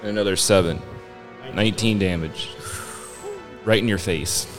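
A man's voice: fairly low pitch, moderate pace, music in the background. A man with a Southern US accent playing a live tabletop game, joking and chatty. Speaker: player.

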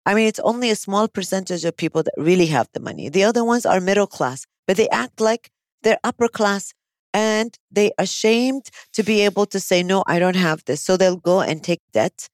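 A woman's voice: medium pitch, moderate pace, dry recording. A woman psychologist hosting a podcast, talking frankly and emphatically in casual chat. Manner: frank, emphatic, many affirming interjections.

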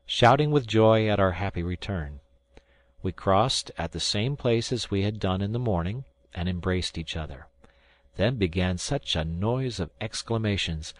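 A man reading a first-person story aloud in measured storytelling. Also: fairly low pitch, dry recording. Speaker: audiobook narrator. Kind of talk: scripted first-person narration.

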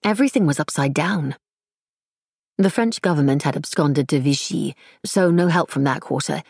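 Low husky woman narrating a story. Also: moderate pace, darkish tone, no room sound, clean studio sound. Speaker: audiobook narrator. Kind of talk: scripted narration.

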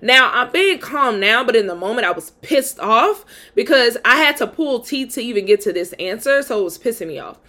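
A woman's voice: a little high, lively intonation, fairly quick, few pauses, bright, forceful tone. A young adult woman hosting a podcast, telling a personal dating story in a candid, chatty way with lots of "like" fillers. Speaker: podcast host. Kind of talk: casual storytime monologue.

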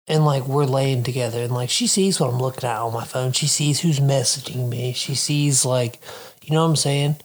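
A co-host in a casual, profane conversation, talking in a relaxed way and sometimes dropping to a low mumble. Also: moderate pace, slight background noise.

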